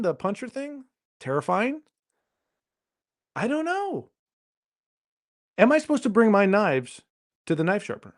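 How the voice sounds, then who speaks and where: A man hosting his own podcast, rambling through a jokey solo monologue and questioning himself as he goes. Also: high-pitched. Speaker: podcast host.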